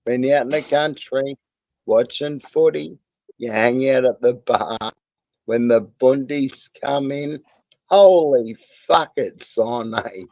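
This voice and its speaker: A man's voice: medium pitch, slow, a little mellow, dry recording, lo-fi sound. An Australian man co-hosting a casual chat, joking in a crude, profane way.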